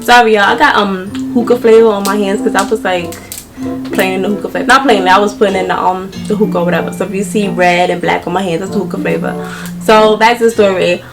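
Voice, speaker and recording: A young woman, telling a story to her viewers in an animated, slangy way. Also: mid-range voice, quick pace, music in the background, rough recording. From New York. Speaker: vlogger.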